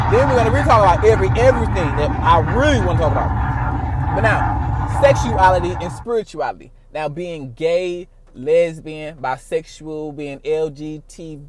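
A man with a high-pitched voice talks in a loose, unscripted monologue. He is animated and profane, jumping from loud, excited bursts to low, quiet asides. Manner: animated, profane, laughs often, swings loud and soft. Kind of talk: casual monologue.

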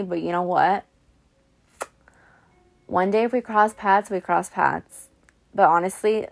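Young woman talking to camera about a breakup, earnest, keeps repeating herself, medium voice. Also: mid-range voice. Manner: earnest, repeats phrases for emphasis, calls listener honey. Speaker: vlogger giving heartbreak advice. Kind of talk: emotional pep talk to camera.

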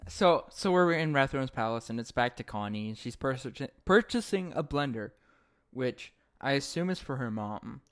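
A man co-hosting a podcast, recapping an episode in a soft-spoken, low-key way. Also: lively intonation, normal speed. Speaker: podcast co-host.

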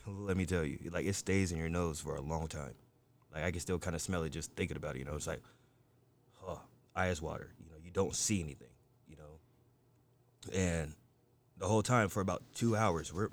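A man with a low voice tells a rambling story in casual conversation. He swears freely and leans on "you know" and "like" as he talks. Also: fairly even intonation, fairly quick, slight background noise. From United States. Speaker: storyteller in a group chat. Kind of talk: casual chat.

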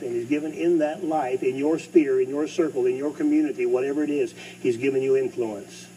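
A middle-aged man preaching a sermon as pastor, swinging between loud bursts and hushed asides. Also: mid-range voice. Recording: distant mic with faint hum.

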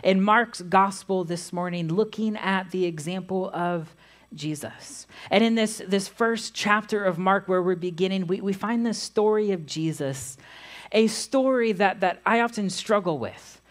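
A woman pastor giving a sermon, reading scripture aloud in a measured way. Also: mid-range voice.

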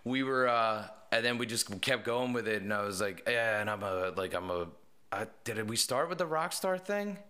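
A man's voice: on the low side, animated, normal speed, pushed and bright. A man chatting casually, reminiscing in a laid-back, rambling way and laughing often.

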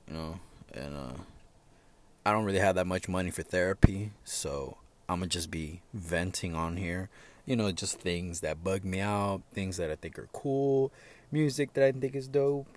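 Young man, casual solo podcast, sitting in his truck, swears a lot, lots of fillers and restarts, gets loud and heated. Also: sits low. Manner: frank and profane, with frequent fillers and restarts. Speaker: podcast host. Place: parked truck.

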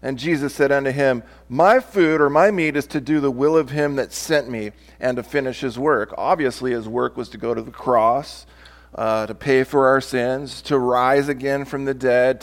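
A man's voice: mid-range voice, normal speed. A male pastor preaching a sermon, reading scripture aloud and explaining it, sometimes acting out different tones of voice.

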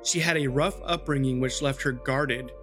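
A man's voice: medium pitch, fairly even intonation, normal speed, music in the background. A man hosting a podcast, telling a true-crime story in a loose, chatty way with swearing and asides to his co-host.

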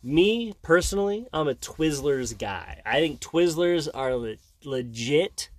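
A man's voice: fairly high pitch, expressive, takes it slowly. A middle-aged dad chats casually beside his child on a home snack show. He rambles, cuts himself off and restarts, and tosses out joking opinions along the way. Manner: rambling and self-interrupting, with jokey opinions. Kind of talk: casual chat.

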